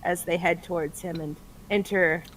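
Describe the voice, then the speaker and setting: A woman's voice: lowish voice, fairly even intonation, normal speed, a little hiss or hum, rough recording. A woman playing a tabletop game who describes her character's actions in a playful, vivid way. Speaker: player.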